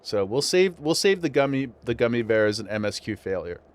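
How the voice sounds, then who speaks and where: A man's voice: mid-range voice, sing-song, fairly quick. A man streaming a game, chatting casually and laughing as he talks to his viewers. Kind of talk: casual livestream chat.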